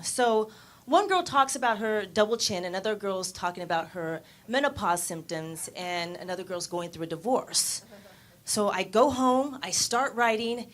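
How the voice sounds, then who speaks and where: A young woman performing a stand-up comedy set on a club stage, landing her punchlines deadpan and putting on voices for the people she quotes. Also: medium pitch, normal speed.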